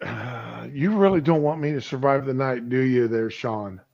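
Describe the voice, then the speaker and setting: Casual streamer guy, gravelly voice, rambling delivery, lo-fi audio. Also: medium pitch, moderate pace. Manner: rambling, with fillers. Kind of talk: casual chat.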